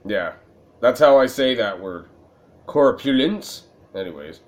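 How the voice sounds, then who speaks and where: A man's voice: low voice, animated, normal speed. Joking, profane let's play man. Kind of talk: casual gameplay commentary.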